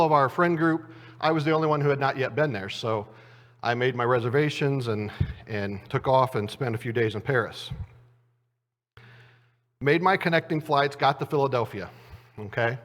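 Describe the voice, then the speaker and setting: A man preaching in a church, telling a self-deprecating story in a relaxed, conversational way. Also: mid-range voice. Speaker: preacher and Bible teacher. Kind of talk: conversational sermon with a humorous anecdote. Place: church auditorium. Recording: long church reverb.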